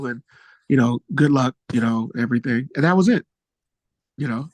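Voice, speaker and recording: A man who is a musician guest, telling stories in a relaxed, slangy way and jumping high in pitch when excited. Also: brisk, no room sound. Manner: animated storyteller, jumps high when excited. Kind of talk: casual storytelling interview.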